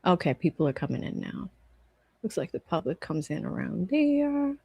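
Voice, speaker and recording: A woman's voice: fairly low pitch, very animated, moderate pace, gravelly, mellow, husky, no echo. A woman hosting a live stream, chatting casually and profanely, rambling through anecdotes before turning to trial commentary.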